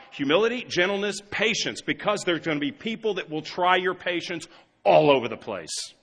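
A middle-aged American man preaching a sermon as pastor, moving from quiet asides to loud emphatic lines. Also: mid-range voice, breathy edge, big-room sound. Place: church sanctuary.

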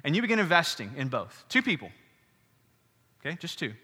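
A middle-aged man giving a sermon as pastor, conversational and animated, with frequent asides to the congregation. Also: on the high side, a little fast, breathy edge. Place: church hall. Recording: reverberant church hall.

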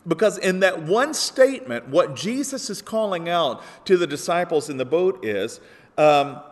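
A man preaching a sermon with a slightly high voice. He explains patiently, then lifts to emphatic peaks on key quotations. His voice rings out with a long hall reverb. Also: very animated, moderate pace. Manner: earnest, builds to emphatic peaks when quoting. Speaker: pastor.

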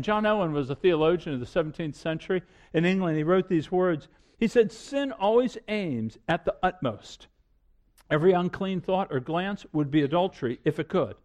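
A middle-aged man preaching a sermon in a high-pitched voice. He talks earnestly, repeats phrases, and moves from loud urging to hushed warning. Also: animated, moderate pace. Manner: earnest preaching with repetitions and sudden shifts in loudness. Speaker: pastor.

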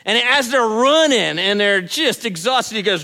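A man preaching a sermon as pastor, talking in an animated, conversational way with frequent asides. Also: very high-pitched, normal speed. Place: church sanctuary. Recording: long hall reverb.

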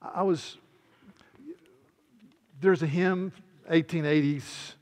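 Impassioned preacher in a reverberant hall. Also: male voice, on the high side, fairly even intonation, slow. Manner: impassioned, swings from loud proclamation to quiet intimacy. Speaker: pastor. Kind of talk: sermon.

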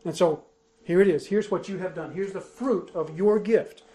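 A man's voice: high voice, moderate pace, dark tone. A man preaching an expository sermon, emphatic and driving home key points by repeating them. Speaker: pastor.

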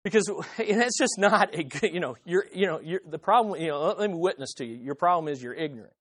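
A preacher in full sermon mode, pressing each point by repeating key phrases and putting rhetorical questions to the listeners. The pitch sits in a middle range. The sound is dry and close, with no room echo. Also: animated, a little fast, slightly rough.

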